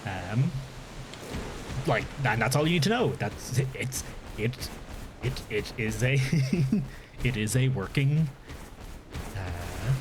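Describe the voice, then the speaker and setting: An Irish man, mid-pitched, chats loosely through a live gaming stream. He wanders, stops mid-thought and corrects himself over and over, while a soft hiss sits underneath. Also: expressive, takes it slowly, pauses often. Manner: rambling, restarts and corrects himself.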